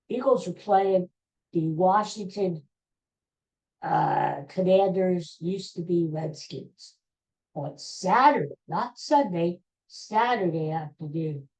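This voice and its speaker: Slow, mellow-voiced woman podcast host. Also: on the low side, lo-fi sound. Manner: rambling storyteller with many restarts and asides; blunt sports fan opinions. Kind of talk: casual solo podcast chat.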